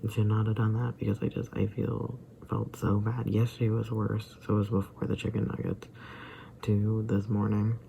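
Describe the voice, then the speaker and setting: Low creaky voice, sick and mumbling. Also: little pitch movement, moderate pace, warm tone, slight background noise, poor audio. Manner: hesitant, trailing off, often dropping to a whisper. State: feeling sick and tired. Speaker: daily vlogger. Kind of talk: rambling personal vlog.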